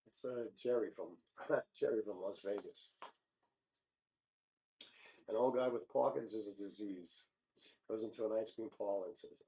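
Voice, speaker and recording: Male joke-show host, mellow voice, muffled lo-fi recording, quick voice changes for characters. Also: mid-range voice, slight background noise. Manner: plain joke-telling with small stumbles, brief voice changes for characters. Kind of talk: reading listener jokes. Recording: dull lo-fi sound.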